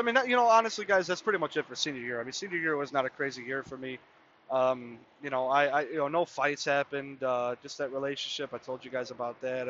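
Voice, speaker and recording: A man's voice: fairly high pitch, pushed and bright, lo-fi sound, a little hiss or hum. A man in his mid-twenties hosting a podcast, telling a casual, rambling story full of "I mean" and "you know". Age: mid-20s. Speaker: podcast host.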